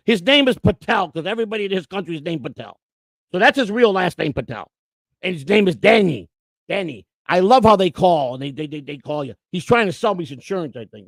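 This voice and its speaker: A man's voice: on the high side, vocal fry, fairly bright tone, no echo. A man co-hosting a casual livestream chat, rambling and boastful, repeating his words as he goes. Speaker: co-host.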